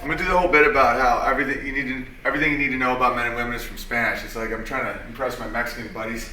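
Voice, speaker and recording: A man doing stand-up with a drawn-out, musing delivery. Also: mid-range voice, fairly even intonation, pushed and bright, reverberant, a little hiss or hum, low-quality recording. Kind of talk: stand-up comedy bit.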